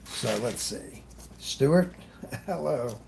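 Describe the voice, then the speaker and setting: A man's voice: mid-range voice, lively intonation, extremely slow, gravelly, noisy background. A man hosting a live airbrush demonstration, chatting loosely as he works, greeting viewers and often trailing off mid-thought. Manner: talks while working, trailing off often. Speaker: airbrush artist hosting a livestream.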